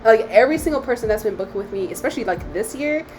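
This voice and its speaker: A woman's voice: fairly high pitch, animated, racing, darkish tone, soft background music, poor audio. A young woman, a psychic medium, talking candidly to her phone camera, emotional and close to tears, swearing freely. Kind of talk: emotional self-talk vlog.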